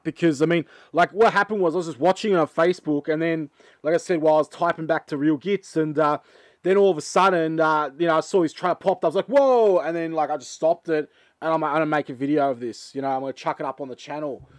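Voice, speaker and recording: An Australian man hosting his gaming channel, chatting casually with lots of fillers and excited outbursts. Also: a little high, dry recording. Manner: rambling, filler-heavy and excitable. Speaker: channel host. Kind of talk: casual chat reacting to a game trailer.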